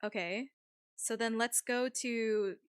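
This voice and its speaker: A woman's voice: on the high side, slow pace, clean tone, no echo, studio quality. Giggly young woman streaming a game. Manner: giggly, easily amused. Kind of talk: casual gameplay commentary.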